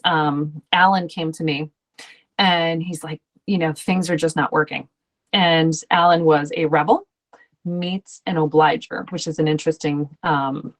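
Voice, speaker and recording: A woman coach talking to parents in a chatty, loose way, full of ums and restarts, acting out the voices she quotes. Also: sits low. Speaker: ADHD coach.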